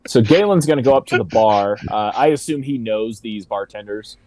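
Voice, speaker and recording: A man's voice: on the low side, normal speed, a crowd in the background, rough recording. A man playing a tabletop game, with laid-back, wry banter. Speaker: player.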